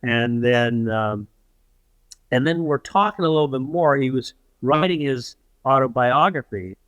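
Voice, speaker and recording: A man, a podcast guest, telling a story in a conversational way, often pausing and restarting as he acts out what others said. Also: mid-range voice, a bit bright, no room sound. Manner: anecdotal, acts out quoted dialogue with halting restarts.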